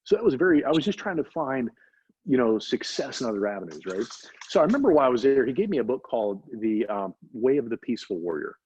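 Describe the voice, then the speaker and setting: Husky man telling a story emphatically. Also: mid-range voice, sing-song, fast talker, a little mellow. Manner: emphatic, repeats for effect. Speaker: guest, doctor. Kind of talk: animated storytelling in conversation. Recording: dull lo-fi audio.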